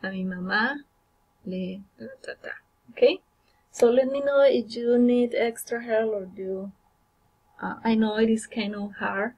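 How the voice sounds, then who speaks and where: A woman's voice: on the high side, measured pace, husky, highs cut off. Woman teaching grammar with many fillers. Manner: explanatory, many fillers and restarts. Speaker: Spanish teacher. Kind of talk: recorded grammar lesson.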